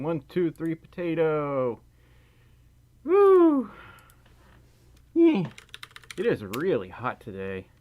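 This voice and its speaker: A man's voice: mid-range voice, a little mellow. A man hosting a casual livestream, rambling and self-deprecating while fiddling with his audio. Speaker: livestream host.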